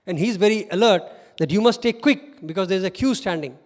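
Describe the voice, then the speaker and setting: A middle-aged man with an Indian English accent, giving an animated storytelling talk as a guest speaker and laughing often. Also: sits high, fairly quick. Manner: animated, laughs often while telling stories. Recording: reverberant hall.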